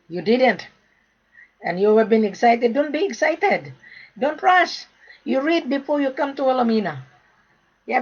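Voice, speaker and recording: A woman's voice: on the high side, husky, dull audio. A woman from the Philippines, a gold trade consultant, lecturing and scolding in a repetitive live video rant.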